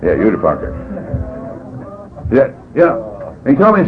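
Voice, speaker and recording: An older man telling his story at a meeting, folksy and jokey, his pitch swooping up and down as he acts out the scenes. The sound is dull and lo-fi, with a faint hiss under it. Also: wildly swooping pitch, moderate pace. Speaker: recovery meeting speaker.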